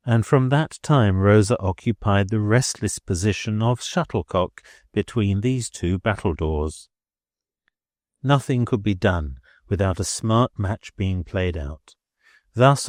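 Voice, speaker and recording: A man's voice: fairly low pitch, a little mellow, no echo. Male audiobook narrator, dry sound. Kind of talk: scripted narration.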